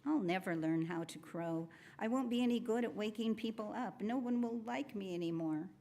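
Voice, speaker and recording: A woman's voice: mid-range voice, moderate pace, dark tone, natural voice. A woman voicing a young male rooster who is unsure and worried, speaking in an anxious, gloomy way.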